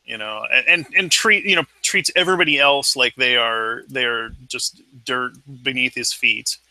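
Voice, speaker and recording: Male co-host, very bright and tense tone, hesitant, dry close sound. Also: mid-range voice, moderate pace, no echo, low-quality recording. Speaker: podcast co-host. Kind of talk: casual chat.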